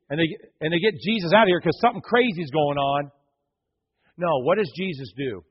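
Animated high-voiced preacher with husky tone. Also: male voice, brisk, lo-fi sound. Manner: animated storytelling, acts out scenes, jokes with the congregation. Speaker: pastor. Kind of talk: sermon. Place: church sanctuary.

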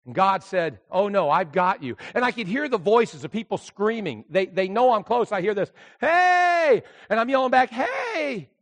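An older man preaching a sermon from the pulpit. His voice sits fairly high for a man. He tells the story expressively, dropping low and quiet and then rising almost to a shout. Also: lively intonation, a little fast, hardly any pauses. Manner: storytelling, swings from hushed to shouting. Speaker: pastor.

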